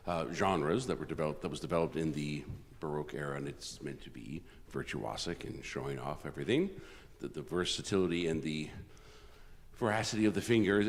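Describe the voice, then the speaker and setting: A man from Canada, a concert organist, giving a chatty, self-deprecating spoken introduction with frequent restarts. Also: extremely low pitch. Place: large church. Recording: long church reverb.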